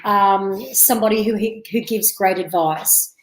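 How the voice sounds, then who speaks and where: A woman's voice: medium pitch, unhurried, echoey room, rough recording. A woman hosting a live psychic reading, chatty and giggly, calling viewers love and darling.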